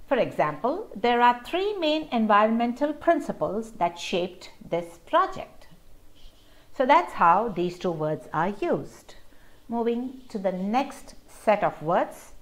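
A woman gives an English vocabulary lesson in an unhurried, deliberate way. Her pitch rises and falls a great deal as she leans on syllables to show pronunciation. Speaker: English teacher.

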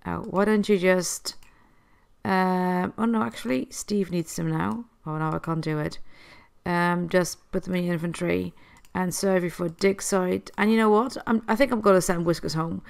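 Woman, gameplay vlogger, casual commentary, gravelly fry, distracted chatter. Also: lowish voice, fairly even intonation, moderate pace. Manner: chatty, easily distracted, laughing asides.

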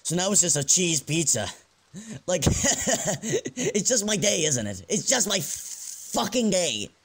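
A man voicing a hot-tempered young scientist who swears a lot and swings between anger and self-pity in an animated comedy. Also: medium pitch, moderate pace. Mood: frustrated. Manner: swears a lot, flips between rage and sulking. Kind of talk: amateur animated comedy voice acting.

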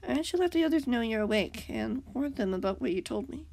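Brief: kind, reassuring young woman in a storybook, read by a woman, higher, lively pitch. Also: brisk, dry recording. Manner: gentle and reassuring. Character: gentle, caring young woman.

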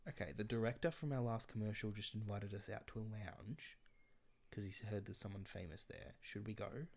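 A woman's voice: a bass voice, steady tone, normal speed, a little mellow. A woman giving casual, wry let's-play commentary, chatting to the game characters as she plays. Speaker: gameplay commentator.

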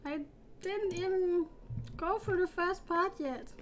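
A woman's voice: extremely high pitch, slow, a little hiss or hum. A woman playing a horror game and commenting, nervous and jumpy, laughing and squealing repeated panicked no's over the game music. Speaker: let's play gamer.

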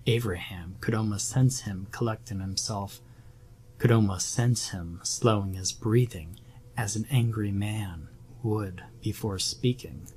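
Slow, low-voiced male horror narrator. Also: a little mellow, a little hiss or hum. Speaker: storyteller.

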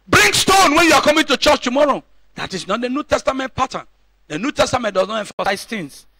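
High, bright-voiced preacher. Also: male voice, very animated, fast talker, no room sound. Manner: emphatic preaching with repeated call-and-response questions. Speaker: pastor. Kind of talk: sermon. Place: church.

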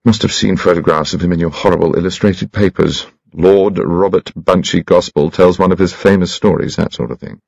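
A man's voice: low voice, steady tone, brisk, vocal fry, few pauses, a little mellow, dry recording. A man reading an audiobook, voicing a dry, laconic detective teasing his mother. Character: dry, teasing detective son, middle-aged. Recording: dry, slightly dull lo-fi.

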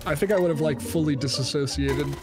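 A man's voice: a little high, fast. A man teasing his friends and laughing while they play a game. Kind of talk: casual chat during a game. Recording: game music underneath.

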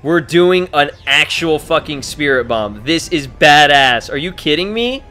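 Excitable, swearing man playing a game. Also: fairly high pitch, a little slow. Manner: excitable, profane, laughing often. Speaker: gaming YouTuber. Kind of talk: casual let's play commentary. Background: game music.

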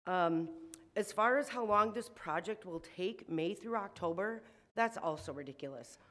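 A woman's voice: fairly low pitch, moderate pace, fairly bright tone. A woman giving public comment at a city meeting, shaky and emotional, indignant, with frequent ums. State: shaking with emotion. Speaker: resident speaking at public hearing.

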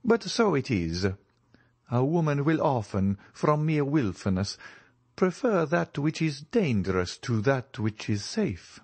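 A male reader giving voice to a poised, worldly count in a storybook recording. He speaks slowly and smoothly, with a touch of mockery and a lifted, lively lilt, in a dry, close sound. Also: mid-range voice, dry recording, voice pushed up, exaggerated voice. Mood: wry. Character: suave, ironic nobleman count, poised and worldly.

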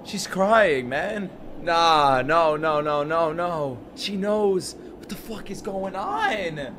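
A man's voice: fairly high pitch, slow pace, fairly bright tone, slight background noise. Swearing, emotional man reacting to anime. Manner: emotional, swearing, repeats himself, bursts into exclamations. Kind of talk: live reaction commentary.

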